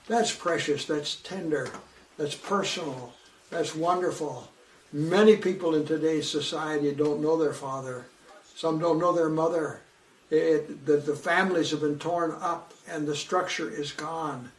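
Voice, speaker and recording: A man's voice: a little high, roomy sound, distant mic. A male preacher giving a fervent, emphatic sermon, repeating phrases for weight.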